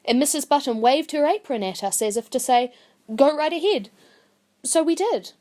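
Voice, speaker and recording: A woman voicing an older Māori woman, earnest and indignant, speaking higher and pleading. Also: lively intonation, moderate pace, darkish tone. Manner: pleading, rising and emphatic.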